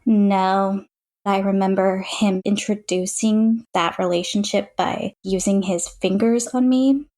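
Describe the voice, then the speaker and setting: A woman's voice: medium pitch, fairly even intonation, slow, warm tone. A young woman recounting her childhood in an interview, in a plain, matter-of-fact way with frequent fillers. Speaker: interview guest. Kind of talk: personal testimony in an interview.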